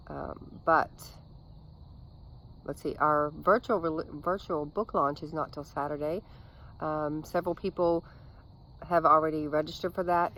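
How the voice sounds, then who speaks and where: A middle-aged woman recording a casual evening video outdoors, reading her own memoir chapter aloud in an earnest, unhurried way, with frequent ums and small restarts. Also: low-pitched, slight background noise, poor audio. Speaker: author reading from her book.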